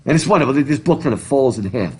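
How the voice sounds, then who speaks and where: A middle-aged man teaches a literature class, his voice a bit husky and muffled by a mask. He rambles through tangents, reads passages aloud and keeps asking the students questions. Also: medium pitch, animated, quick pace. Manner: chatty, digressive, asks the class questions. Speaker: college professor. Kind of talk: classroom lecture with reading aloud. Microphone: recording device in a classroom, speaking through a mask.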